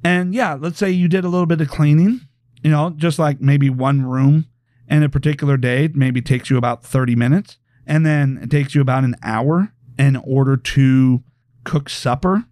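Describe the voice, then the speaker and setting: A man's voice: medium pitch, steady tone, moderate pace, a little mellow, no room sound, studio quality. A man hosting a podcast, lecturing his listeners in a provocative way and firing rhetorical questions at them. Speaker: podcast host. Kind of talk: opinionated podcast monologue.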